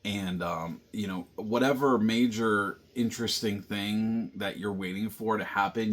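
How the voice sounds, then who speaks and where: A man casually recapping and reviewing a film, rambling with lots of fillers and restarts. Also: fairly low pitch. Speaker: movie review host.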